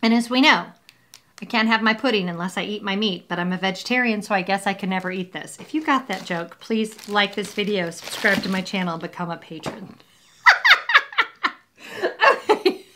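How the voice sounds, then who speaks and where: A woman's voice: medium pitch, fairly quick, noisy background. A woman hosting a casual unboxing video, talking in a cheerful, rambling way and joking about herself. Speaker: vlogger host.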